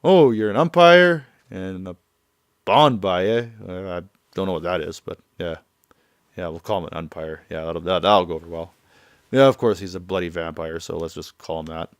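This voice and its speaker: A man's voice: sits low, steady tone, fairly quick, dry recording, studio quality. A man giving offhand, rambling commentary over gameplay, translating the dialogue as he goes. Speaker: let's play commentator.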